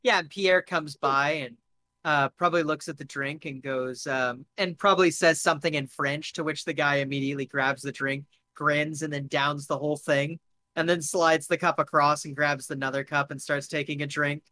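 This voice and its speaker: Bright-voiced man running a tabletop game. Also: a little high, fairly even intonation, normal speed, no room sound. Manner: casual and chatty, with frequent fillers and swearing. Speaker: game master. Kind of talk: narrating a live-streamed tabletop game.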